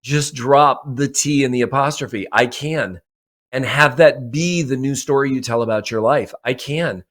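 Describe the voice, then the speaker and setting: A man's voice: medium pitch, moderate pace, hardly any pauses. A man speaking as a podcast guest and mindset coach, talking emphatically and repeating phrases for effect. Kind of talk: motivational interview talk.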